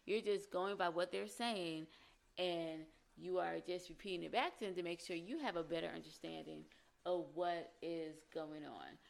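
A woman's voice: fairly low pitch, moderate pace, creaky. Earnest woman giving relationship advice. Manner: earnest, explains with acted-out example phrases. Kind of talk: casual advice talk.

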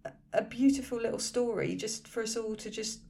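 A woman's voice: a little high, a little fast, gravelly, dark tone. A woman co-hosting a casual film podcast, eagerly recounting the story and defending it with laughter. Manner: enthusiastic, patiently explaining with laughter. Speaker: podcast co-host. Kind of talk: casual chat.

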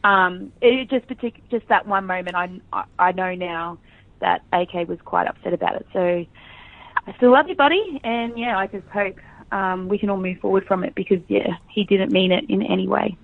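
An Australian woman talking frankly and chattily in a casual interview, quick to laugh. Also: medium pitch, steady tone, creaky, no echo. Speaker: reality show contestant, interview guest. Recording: dry, tinny phone line.

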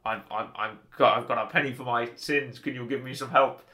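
A man putting on a suave male spy's voice with a faux Scottish accent, halting and tongue-tied. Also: mid-range voice, steady tone, pushed and bright, natural voice. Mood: mock-solemn. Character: suave male spy confessing, mock Scottish.

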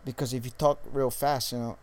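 A young man from Hawaii with a Californian accent, giving dating tips in a casual vlog monologue, laid-back and halting, swearing freely. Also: medium pitch, steady tone. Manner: laid-back, profane, halting with many restarts. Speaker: dating coach vlogger.

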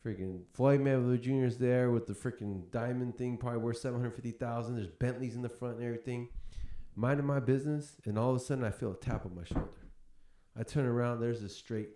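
A man hosting a podcast, telling a story in a casual, animated way and laughing often. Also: medium pitch, fast talker. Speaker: podcast host. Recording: roomy echo.

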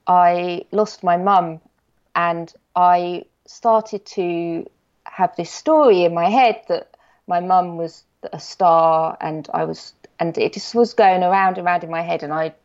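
A woman with a low, gravelly voice recounts stories in a relaxed interview and acts out the quoted back-and-forth. She laughs often. The recording sounds dull and lo-fi. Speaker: guest, designer and illustrator. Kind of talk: casual interview storytelling.

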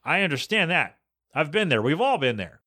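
A man on a podcast telling a rambling anecdote in a casual, animated way, acting out the people in it as he goes. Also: fairly high pitch, moderate pace. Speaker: podcast co-host. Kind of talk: casual storytelling chat.

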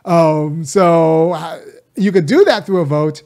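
A man's voice: a little high, slow, darkish tone. A man from California delivers a passionate, unscripted monologue straight to his viewers. He is a college teacher talking at his own pace, pressing his points hard and wandering into side remarks along the way. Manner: impassioned, addresses viewers directly, rambling asides. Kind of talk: casual political video monologue.

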